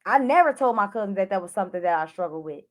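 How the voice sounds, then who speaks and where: A woman's voice: medium pitch, very fast. A woman clarity coach telling an emotional personal story to camera, addressing viewers directly and acting out her own frantic cries for help. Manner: animated, addresses viewers as y'all, acts out her own panicked shouts.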